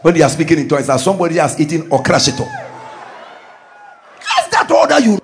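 A man preaching a charismatic sermon as pastor, fervently shouting declarations and decrees. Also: on the high side, huge pitch swings, fast talker, some chatter behind, a little hiss or hum.

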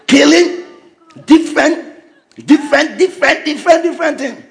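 A man with a Ghanaian English accent preaches a sermon in a notably high voice. He delivers fervent declarations that climb into shouts and drives each point home to his congregation. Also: moderate pace.

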